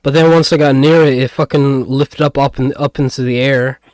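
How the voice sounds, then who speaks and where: As co-host of a laid-back podcast, a man speaks at a moderate pace in a medium-pitched, darkish voice with fairly even intonation. He hesitates and rambles, using lots of fillers and restarts, and the recording is dry and studio quality.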